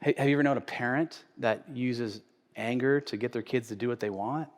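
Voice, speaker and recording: A male pastor preaching a sermon in a church sanctuary, conversational, swinging from loud emphasis to quiet asides. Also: mid-range voice, fairly quick, a little hiss or hum. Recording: echoey church hall.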